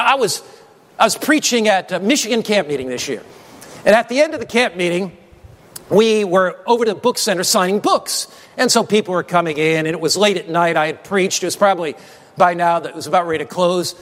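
A man's voice: high voice, lively intonation, fairly quick, a bit bright. A man preaching a sermon, emphatic and prompting the congregation to call back answers. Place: church sanctuary. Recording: long hall reverb.

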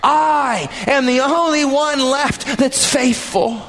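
A man's voice: very high voice, measured pace, pushed and bright, voice pushed up, heavily acted. A man voicing a despairing male prophet who complains that he alone stayed faithful. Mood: pleading.

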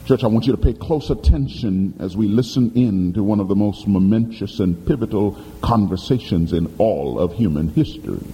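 The preacher's voice is lowish and mellow, moving at normal speed with few pauses as he tells dramatic stories and challenges the congregation with questions. A long reverb fills the church sanctuary, with faint ambience and a little hiss or hum.

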